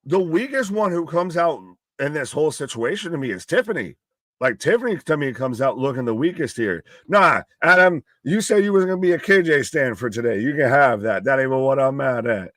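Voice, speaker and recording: A man's voice: medium pitch, animated, brisk, fairly bright tone, no echo. Joking man co-hosting a wrestling stream. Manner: loose, profane, joking, laughs often. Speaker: wrestling live stream co-host. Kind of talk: casual live-stream chat reacting to a wrestling event. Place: outdoors in afternoon sun.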